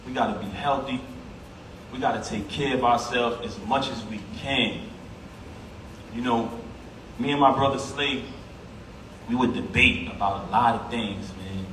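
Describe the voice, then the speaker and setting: A man's voice: medium pitch, a little slow, pauses often. A man with a New York accent giving a heartfelt eulogy at a funeral, speaking emphatically and casually, straight to the crowd. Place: funeral service in a large echoey hall. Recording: echoey hall from far off, noisy.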